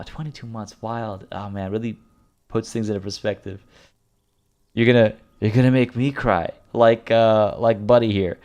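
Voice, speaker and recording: A man's voice: fairly low pitch, clear, resonant tone. A man streaming a game live, chatting animatedly, joking and thanking viewers. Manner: animated, jokey, reads game text aloud. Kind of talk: live let's-play commentary.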